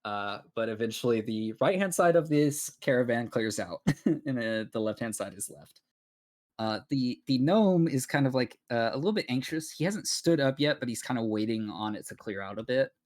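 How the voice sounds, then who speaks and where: Halting, laid-back male game master. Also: mid-range voice, expressive, a little mellow. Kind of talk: narrating a tabletop game.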